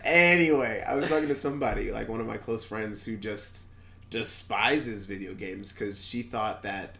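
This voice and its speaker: A man's voice: lowish voice, moderate pace, vocal fry, bright, forceful tone. A man co-hosting a casual podcast chat, easygoing and agreeable, peppering his talk with "like" and "yeah". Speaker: podcast co-host.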